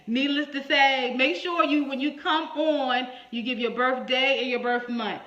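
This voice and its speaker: A woman's voice: high-pitched, moderate pace, pushed and bright. A woman hairstylist telling a story to her viewers in a casual, salty way, playing both sides of a phone call. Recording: echoey room, dull lo-fi sound.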